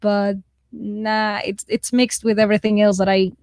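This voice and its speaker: A woman's voice: medium pitch, flat delivery, moderate pace, darkish tone, no room sound. A woman with a mixed, shifting accent, hosting a live writing stream in a casual, self-deprecating way, reading viewer comments aloud and laughing often. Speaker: livestream host of a writing write-in.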